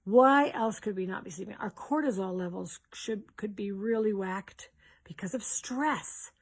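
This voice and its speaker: The host of a live question-and-answer stream, this woman speaks at a medium pitch and a little slowly. She cheers viewers as they arrive and talks in a loose, rambling way, frequently restarting.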